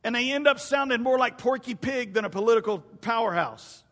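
High-voiced pastor in a reverberant hall. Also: male voice, lively intonation, fairly quick, a bit bright. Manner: folksy, conversational, addresses the congregation directly. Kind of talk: sermon.

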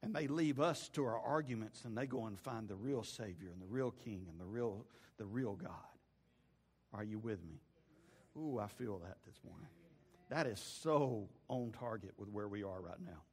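A man's voice: mid-range voice, moderate pace, husky, long reverb tail. A man preaching a sermon, dramatically retelling a story and acting out the people in it. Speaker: pastor.

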